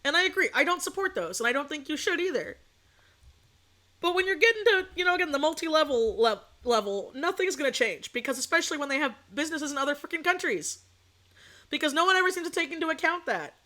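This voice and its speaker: A young woman chats on her stream in a bright, higher voice, outspoken and animated as she tells a story. Her throat is sore, but she keeps talking bluntly and casually. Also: fast. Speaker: VTuber streamer. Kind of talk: casual chat.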